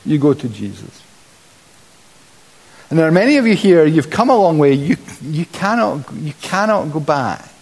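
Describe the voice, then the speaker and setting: A man preaches a sermon in a lively voice, somewhat high-pitched. He acts out the lines he quotes with bursts of emphasis. The sound carries the long reverb of a church. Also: normal speed, gravelly, husky. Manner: animated, dramatizes quotes with exclamation.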